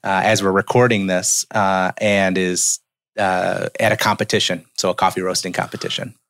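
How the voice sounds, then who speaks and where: A man's voice: sits low, little pitch movement, normal speed, fairly bright tone, dry recording, studio quality. A man who is a business founder, speaking as a guest in a casual podcast interview, earnest and thoughtful.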